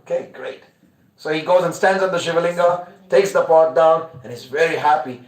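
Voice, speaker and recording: A man's voice: a little high, normal speed. A man telling a story during a scripture class, in a loose, conversational way. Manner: conversational, loose, many "you know" fillers. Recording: roomy echo.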